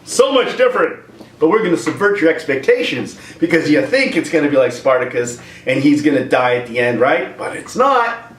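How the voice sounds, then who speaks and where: Animated man ranting with comedy flair. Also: a little high, brisk, slight background noise. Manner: animated, rambling, breaks into voices. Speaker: video creator. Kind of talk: comedic rant. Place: room at home with a dog. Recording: roomy, distant from mic.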